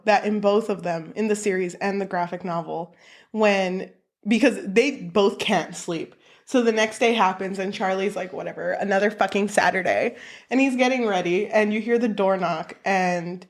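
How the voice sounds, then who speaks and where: A woman co-hosting a casual book podcast, swearing freely and acting out quotes from the story. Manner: animated, swears, acts out quotes with big pitch jumps. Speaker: podcast co-host.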